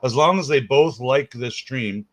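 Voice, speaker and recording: A man's voice: mid-range voice, a little slow, no room sound. Upbeat Canadian man hosting a livestream. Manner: upbeat, reads out chat names. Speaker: host. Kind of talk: casual livestream chat.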